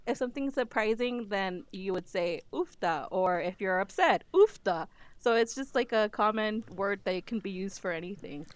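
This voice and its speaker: A woman's voice: mid-range voice, moderate pace, few pauses, dry recording. A woman with a slight Minnesota accent, chatting casually as a podcast guest co-host, laughing often and using lots of fillers.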